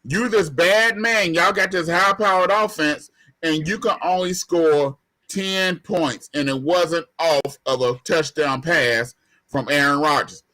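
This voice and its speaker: A man's voice: on the high side, unhurried, sharp tone. A man arguing football on a sports talk panel, emphatic and colloquial, often repeating himself. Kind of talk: heated sports debate.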